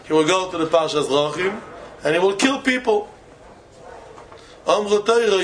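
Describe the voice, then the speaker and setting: Rabbi chanting phrases, then exclaiming high. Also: male voice, lively intonation, normal speed, pauses often, fairly bright tone, a little hiss or hum, poor audio. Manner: mixes Yiddish and Hebrew terms into English, non-native phrasing. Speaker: rabbi teaching students. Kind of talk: Torah lecture to young men.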